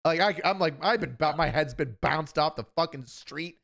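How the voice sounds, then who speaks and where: A man's voice: on the high side, normal speed, gravelly, a bit bright. A man who is a former police officer, hosting and telling a story in a blunt, profane, casual way with joking asides. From Buffalo, New York area.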